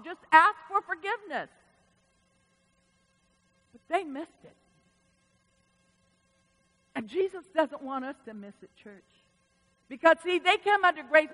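Animated woman pastor preaching. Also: very high-pitched, long reverb tail. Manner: animated preaching, calling out to the church. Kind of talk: sermon. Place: church sanctuary.

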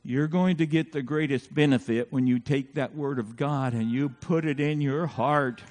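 A man's voice: medium pitch, moderate pace, a little mellow. A man preaching earnestly, exhorting listeners to take scripture to heart. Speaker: guest preacher. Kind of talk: sermon.

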